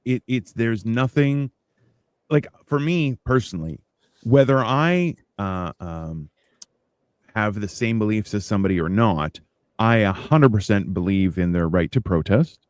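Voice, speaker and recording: Uomo che racconta con vivacità. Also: male voice, unhurried, no room sound. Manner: animated storyteller, acts out exchanges in a higher voice. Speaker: podcast host. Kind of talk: casual chat.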